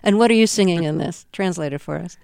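Female interview host, lowish smooth voice, playful and curious, dry studio sound. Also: quick pace, dark tone, no echo. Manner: curious, laughs easily. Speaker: radio interviewer. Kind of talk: casual interview.

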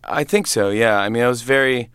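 A man's voice: medium pitch, brisk, fairly bright tone, smooth, dry recording. A man in his thirties, a comedian, chatting in an interview, laughing often and acting out voices in his stories. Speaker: comedian and guest. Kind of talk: interview conversation.

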